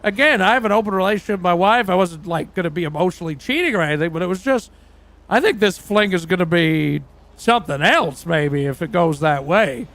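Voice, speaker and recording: A man's voice: sits high, expressive, fairly quick, fairly bright tone. A man playing a crude, boastful aging rock singer who tells rambling, profane stories in a role-play livestream.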